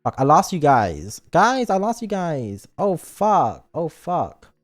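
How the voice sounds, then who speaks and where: A man chatting on a game stream in a silly, joking and rambling way. His pitch swings widely, and faint music plays behind him. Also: big pitch swings, slow. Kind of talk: casual game stream chat.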